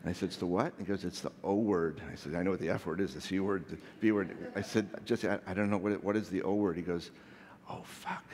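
A man's voice: low voice, fairly even intonation, fast, hardly any pauses, a little mellow. Man telling stories in a big hall. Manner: self-deprecating and playful. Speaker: speaker. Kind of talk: storytelling talk on stage. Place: large hall.

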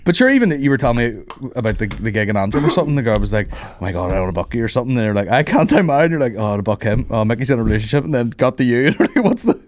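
A man's voice: mid-range voice, sing-song, racing, few pauses, darkish tone. A man, hosting a casual comedy podcast, swearing and laughing through anecdotes. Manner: swears freely, laughs often, tells anecdotes. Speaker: podcast host.

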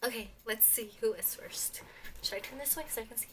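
A young woman, unboxing an album as a vlogger and gushing like an excited fan, with squeals and gasps between chatty asides. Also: fairly high pitch, a little fast, whispered.

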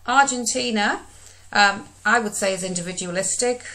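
A woman's voice: mid-range voice, normal speed, bright, forceful tone. A woman, giving a recorded lesson over slides in a conversational manner with frequent fillers. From United Kingdom. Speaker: teacher.

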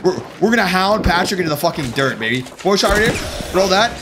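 A young man streaming a PvP game, firing off profane, hyped callouts and shouting at big plays. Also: high voice, sing-song, a little fast, noisy background. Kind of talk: live gameplay commentary. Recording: game music behind voice.

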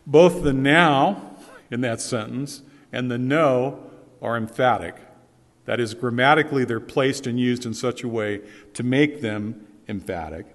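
Male pastor, mid-pitched, earnest emphatic sermon delivery, long church reverb. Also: unhurried. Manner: earnest, emphatic preaching with repeated key phrases. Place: church sanctuary.

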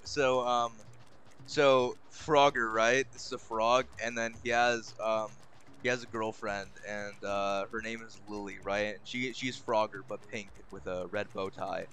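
A young man streaming a game, swearing constantly and bursting into exasperated shouts. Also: mid-range voice, clear, resonant tone. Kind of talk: live gaming commentary.

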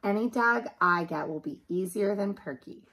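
A woman's voice: medium pitch, moderate pace, fairly bright tone, slightly rough, rough recording. Woman reading as an earnest young boy. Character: eager young boy caring for pets.

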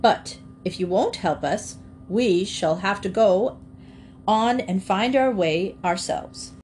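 A woman's voice: mid-range voice, slow, soft background music, natural voice. A woman voicing a sturdy, sensible female cow who leads the farm animals in a storybook reading. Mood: polite. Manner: firm, practical, calm.

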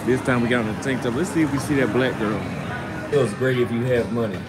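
A man's voice: medium pitch, quick pace, heavy background noise. A drunk man in a casual live-stream rant, profane and ranting, out on a city street at night. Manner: profane, ranting, slurring from drink.

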